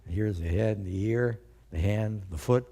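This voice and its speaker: A man's voice: lowish voice, measured pace, warm tone. A male pastor preaching a sermon, emphatic and putting rhetorical questions to his congregation.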